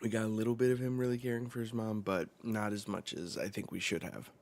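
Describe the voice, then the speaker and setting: A man hosting a casual live reaction while reading a manga chapter aloud. He talks in a relaxed, rambling way with many fillers. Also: on the low side, fast talker, background noise.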